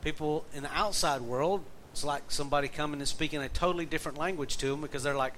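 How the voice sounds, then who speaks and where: A man preaching in an easy, folksy way, his voice sitting a little high for a man. He weaves stories and wry jokes into the message. A faint hiss sits under the recording. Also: fast, few pauses, fairly bright tone, low-quality recording. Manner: folksy, storytelling, joking asides. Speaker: pastor and jail minister. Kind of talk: conversational sermon.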